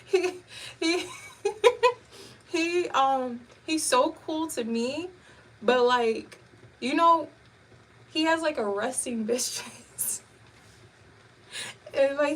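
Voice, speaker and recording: A woman hosting a casual live chat, telling stories in an animated way and laughing often. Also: high voice, takes it slowly, pauses often. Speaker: host. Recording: distant mic with faint background noise.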